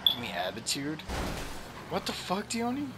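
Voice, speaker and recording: A man hosting a casual gaming chat, excitable and teasing, swearing a lot. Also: fairly high pitch, a little slow, heavy background noise. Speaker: gaming channel host.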